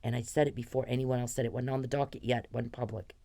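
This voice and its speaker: A woman's voice: extremely low pitch, fairly even intonation, quick pace, vocal fry, warm tone. A woman in her fifties hosting a podcast, ranting in an angry, profane, accusatory monologue aimed straight at one person. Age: 50s. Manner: angry, profane, accusatory, addressing someone directly. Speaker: podcast host.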